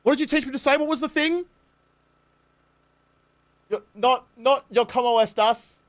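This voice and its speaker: A man's voice: very high voice, normal speed. A young Australian man streaming a game, chatty and jokey, his voice worn and tired. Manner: chatty, jokey, self-mocking. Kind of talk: casual live-stream chat.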